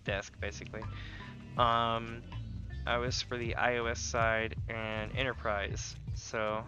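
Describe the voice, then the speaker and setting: A man's voice: mid-range voice, flat delivery, slow, muffled recording, over music. A man streaming a game live, chatting casually and telling rambling stories with jokey asides. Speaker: gaming streamer. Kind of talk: casual livestream chat while gaming.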